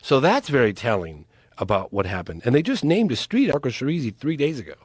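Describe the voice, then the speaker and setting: A man's voice: mid-range voice, very animated, fairly quick, breathy edge, no room sound, studio quality. A man, a documentary filmmaker, talking as a podcast guest in an earnest, urgent way and pressing his case. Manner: earnest, urgent, pleading appeals. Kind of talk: casual interview talk.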